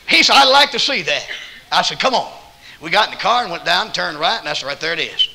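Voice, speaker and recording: A man with a Southern accent preaching a sermon as an evangelist, telling folksy stories and quoting people, with bursts of loud emphasis. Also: high-pitched, expressive, fast, gravelly, a little hiss or hum, poor audio. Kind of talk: sermon with storytelling. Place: church auditorium.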